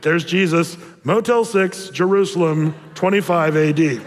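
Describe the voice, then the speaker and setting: A high-voiced man preaching with animated storytelling, jumping into little voices for the people he describes. His words carry a long reverb, as if spoken in a large hall. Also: unhurried. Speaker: pastor. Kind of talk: sermon.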